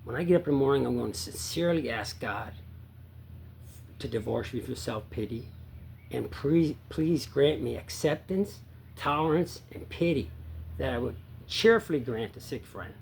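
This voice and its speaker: A man coaching sobriety in a casual talk to viewers, earnest and repeating himself, rising to loud emphasis and dropping to quiet, low asides. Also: lively intonation, moderate pace, creaky, slight background noise.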